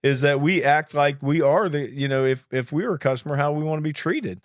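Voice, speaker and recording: Animated man telling a cabin story. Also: on the high side, brisk. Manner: animated storyteller acting out quoted exchanges. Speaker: podcast co-host, flight attendant. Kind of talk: casual storytelling chat.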